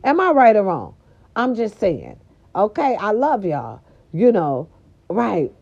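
Woman vlogger, casual storytelling, sassy and expressive, mellow tone, muffled lo-fi sound. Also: mid-range voice, slow, gravelly, breathy edge. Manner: sassy, animated, talks straight to viewers. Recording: dull lo-fi recording.

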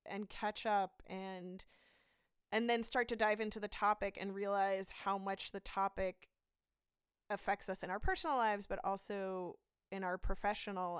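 Woman in her 30s, doctor chatting on a podcast, smooth clear voice, dry close sound, lively and laughy. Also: mid-range voice, no echo. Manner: animated, laughing, lively retelling. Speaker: physician and podcast co-host, guest. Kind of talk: casual interview storytelling.

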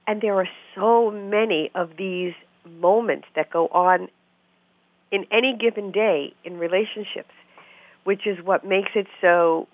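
A woman's voice: mid-range voice, measured pace, no room sound. A middle-aged woman therapist explaining relationships in a conversational interview, acting out the voices in her stories. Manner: animated storyteller who acts out quoted voices. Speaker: therapist guest. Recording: dry phone-like narrow sound.

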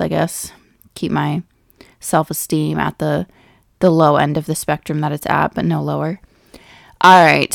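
A woman's voice: on the low side, gravelly, dry recording, clean studio sound. A pregnant young woman chatting casually as she takes a quiz, thinking aloud and poking fun at herself. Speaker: vlogger. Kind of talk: casual chat.

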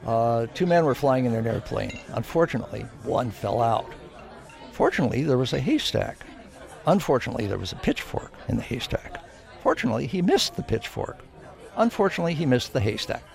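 A man with a gravelly, mid-pitched voice tells a kid's joke in a rhythmic back-and-forth pattern. A faint crowd sits behind him. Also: sing-song, a little fast. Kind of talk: telling a kid joke.

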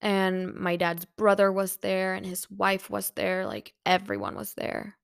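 A young woman recounts a painful personal story on her podcast. Her voice is medium in pitch with a gravelly, fry-heavy edge. It is recorded dry and close, with no room around it. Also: unhurried, dry recording. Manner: emotional, many "like" fillers. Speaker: podcast host.

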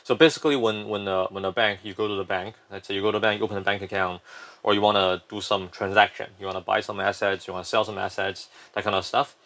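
A man's voice: fairly low pitch, fairly even intonation, quick pace, sharp tone. A man, a company founder, explaining his firm at length in a casual interview, often restarting sentences.

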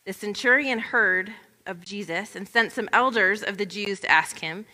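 Woman pastor, bright, forward voice, chatty sermon delivery, big reverberant hall. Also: medium pitch, normal speed. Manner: chatty, informal asides with "like" and "you know". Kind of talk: conversational sermon. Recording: long reverb of a large hall.

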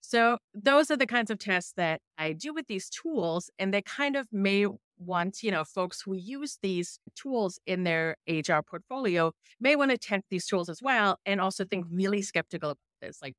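A middle-aged woman with a German accent, a native German speaker, speaking as an investigative journalist guest and telling her stories with lively, acted-out quotes. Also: medium pitch, normal speed, hardly any pauses, no echo, clean studio sound. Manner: animated storyteller, acts out her own quotes. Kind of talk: conversational interview answers.

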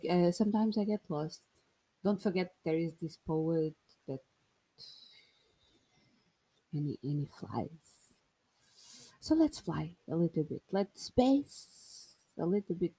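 A woman's voice: on the low side, mellow, breathy edge. A woman in her thirties from Portugal with a Portuguese accent, hosting a solo podcast in a playful, rambling, self-mocking way. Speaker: podcast host.

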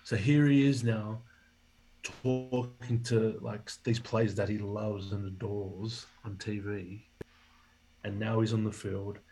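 A man's voice: on the low side, steady tone, takes it slowly, warm tone, a little hiss or hum, low-quality recording. A man, a guest in an interview, telling a story and acting out the dialogue he quotes. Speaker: podcast guest, former rugby league player.

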